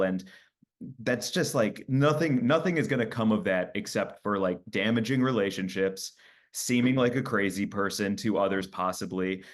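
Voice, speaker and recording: A man, a comedian, speaking candidly in an interview and telling animated stories, acting out his own lines as he goes. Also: on the low side, moderate pace. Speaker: comedian guest.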